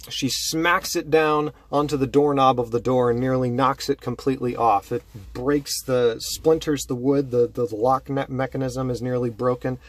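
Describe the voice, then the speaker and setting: A man telling a horror story slowly and dramatically, dropping low and hushed to build tension. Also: fairly even intonation.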